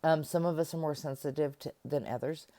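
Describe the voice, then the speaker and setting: A middle-aged woman gives a casual self-help talk to camera, keeping it conversational and acting out conversations she remembers. Her voice sits low with a dark tone, fairly even intonation and a brisk pace.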